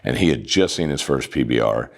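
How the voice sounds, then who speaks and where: Very deep-voiced man telling stories. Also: lively intonation, brisk. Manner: long anecdotes acting out quoted dialogue. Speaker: guest. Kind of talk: casual storytelling interview. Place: podcast studio.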